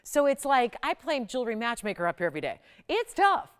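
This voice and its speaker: Speaking briskly and smoothly, a woman on a live shopping broadcast pitches jewelry with friendly, persuasive chatter that keeps building into bursts of excitement.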